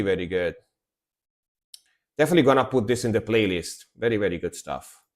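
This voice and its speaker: A man streaming music reactions, talking casually and laid back and repeating words for emphasis. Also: fairly low pitch.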